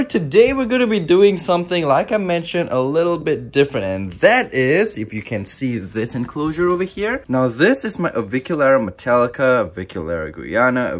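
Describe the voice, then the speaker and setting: A man hosting a casual hobby vlog at home beside tarantula enclosures, rambling and joking in an excitable way. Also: mid-range voice. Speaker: reptile and tarantula keeper, channel host.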